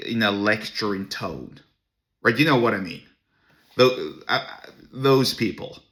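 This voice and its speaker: A man's voice: on the low side, a bit bright. A man hosting a podcast, telling a personal story to camera in a blunt, crude and scornful way. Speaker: podcast host.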